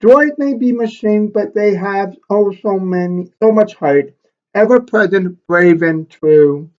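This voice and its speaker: Reading slowly in a high voice, this male grade-school teacher performs a picture book for kids with lots of expression and stops to talk about the illustrations. The sound quality is lo-fi.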